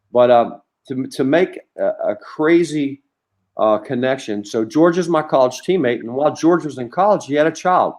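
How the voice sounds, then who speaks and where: Storytelling middle-aged man, former coach. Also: mid-range voice. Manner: rambling, animated anecdotes with many restarts. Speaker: podcast guest, former college coach. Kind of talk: storytelling in a conversation.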